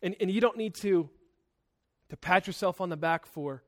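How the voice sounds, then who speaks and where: A young man preaching a sermon, emphatic, moving between loud and soft passages and often repeating words as he starts a sentence. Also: high voice, moderate pace. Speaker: pastor.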